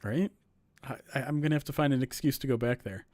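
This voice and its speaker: A man co-hosting a sports podcast, chatting casually with halting restarts. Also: mid-range voice, a little mellow, no room sound. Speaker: podcast co-host.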